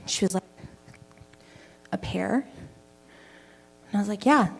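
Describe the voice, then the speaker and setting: A woman's voice: medium pitch, slow pace, creaky, slightly rough. A woman from Canada performing stand-up at an open mic in a small comedy venue. She tells her story casually and chattily, swears freely, and makes self-deprecating asides.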